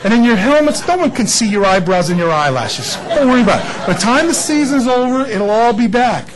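A man's voice: extremely high pitch, sing-song, brisk, a crowd in the background, low-quality recording. A man preaching a sermon in church, a folksy and joking storyteller. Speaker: pastor.

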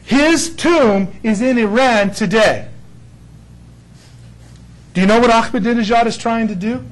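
A man preaching a Bible sermon in an animated, jokey way, acting out the figures he quotes. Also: very high-pitched, measured pace, poor audio.

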